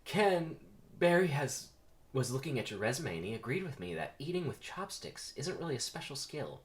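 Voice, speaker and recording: A man reading the part of a friendly young woman florist in a comedic script reading, sweet and upbeat, pitched higher than his own voice. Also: sing-song, moderate pace, natural voice. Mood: cheerful.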